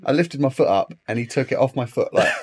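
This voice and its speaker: A man in casual chat, telling travel stories in an animated, ranting way. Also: medium pitch, quick pace, noisy background.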